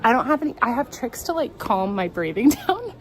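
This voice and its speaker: A woman's voice: a little high, very animated, moderate pace, poor audio. A woman streaming live from a theme park, holding back tears and talking herself through her nerves with nervous laughs, on a handheld phone. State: tearful, holding back emotion. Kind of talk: casual live-stream chat. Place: outdoors in a crowded theme park. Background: crowd chatter and park music.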